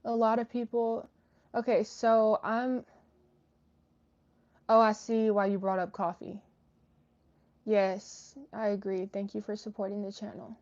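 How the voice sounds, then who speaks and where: A woman's voice: medium pitch, level tone, measured pace, long pauses, darkish tone, highs cut off. A woman hosting a live stream, chatting casually with viewers and reading their messages, with many fillers and restarts. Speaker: livestream host reading chat.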